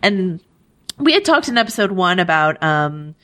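A woman co-hosting a podcast, chatting casually about a TV show with wry, quick asides. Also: lowish voice, sing-song, pushed and bright. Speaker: podcast co-host. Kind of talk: casual TV recap discussion.

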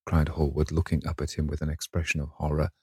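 A man narrating a classic novel in a measured, even reading voice. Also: no echo, studio quality. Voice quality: low gravelly husky voice. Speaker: audiobook narrator.

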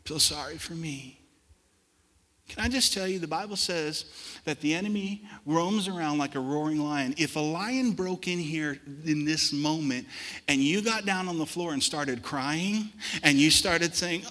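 A man preaching a sermon as pastor, swinging between hushed, reflective passages and loud, forceful outbursts. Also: fairly high pitch, measured pace, long reverb tail. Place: church sanctuary.

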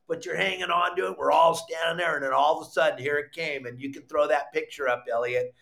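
A middle-aged man hosting a live fishing podcast, telling a story with lively acted-out quotes and bursts of shouting. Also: a little high, fast, gravelly, hardly any pauses. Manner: animated storyteller, acts out quotes, shouts when excited. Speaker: podcast host.

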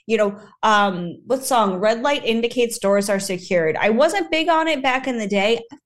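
Woman, podcast guest, gushing chat, bright high voice, big swoops of pitch. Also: moderate pace. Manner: gushing and animated, acts out quotes, swears, laughs often. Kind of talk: casual chat.

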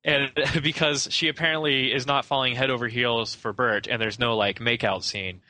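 A man's voice: mid-range voice, steady tone, normal speed, pushed and bright, a little hiss or hum, poor audio. A young man co-hosting a casual film podcast, talking in a rambling, hesitant way with many fillers and restarts. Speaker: podcast co-host.

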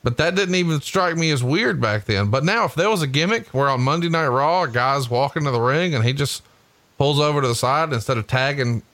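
A man from Alabama chats about old wrestling shows, loose and profane, joking and cursing as he goes. His voice is bright and forceful, recorded close and dry with no room sound. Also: medium pitch, animated, a little fast, no echo. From Huntsville, Alabama. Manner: profane, jokey, laughs often. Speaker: podcast co-host. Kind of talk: casual wrestling chat.

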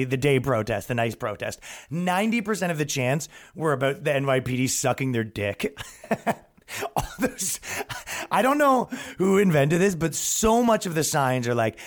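A man's voice: on the high side, very animated, fairly quick. A young man hosting a podcast, rambling through comedic stories with laughs and restarts. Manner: rambling, laughing, frequent restarts and acted quotes. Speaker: podcast host. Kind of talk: comedic storytelling monologue.

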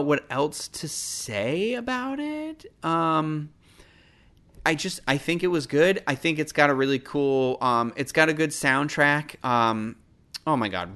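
A male podcast host talks through a film review on his own, in a casual, loose way. He wanders off topic and jokes at his own expense. His voice sits at an ordinary middle pitch. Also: fairly bright tone, clean tone. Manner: rambling, self-deprecating, loses his train of thought. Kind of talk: casual solo review monologue.

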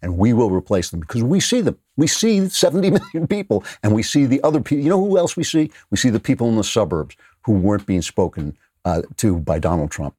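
A man with a lowish voice hosting a political talk show, mocking his targets with a chuckle before turning forceful. The studio sound is close and very dry, with no room around him. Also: very animated, fast, husky, dry recording. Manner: mocking, laughing, then forceful and emphatic. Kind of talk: sarcastic political commentary.

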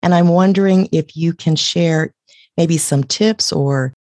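A woman's voice: on the low side, measured pace, darkish tone, dry recording, studio quality. A woman hosting an interview, asking long, thoughtful questions. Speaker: podcast host.

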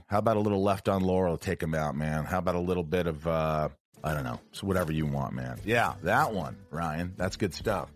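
A man hosting his own podcast alone, chatting in a rambling, jokey way. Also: low-pitched. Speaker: podcast host. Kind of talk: casual solo podcast chat.

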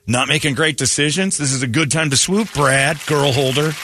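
A man's voice: on the high side, normal speed, some chatter behind, a little hiss or hum. A man hosting a morning radio show, telling stories in a sarcastic, ranting way during casual banter. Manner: animated, sarcastic ranting storyteller.

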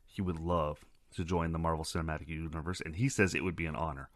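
A man's voice: a bass voice, fairly even intonation, fast, no echo, clean studio sound. A man hosting a casual solo podcast, talking in a loose, rambling and profane way. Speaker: podcast host.

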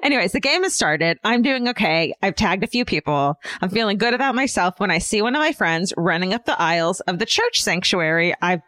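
A woman's voice: medium pitch, fairly bright tone, no room sound. A woman co-hosting a comedy podcast, reading a listener's email aloud with jokey asides. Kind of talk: casual comedic podcast chat.

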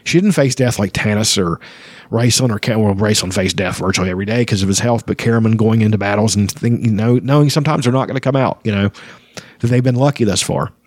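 A man's voice: lowish voice, quick pace, no room sound, studio quality. A man hosting a casual book talk, rambling with frequent restarts. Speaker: podcast host discussing a fantasy novel. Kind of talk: casual chat and reading aloud.

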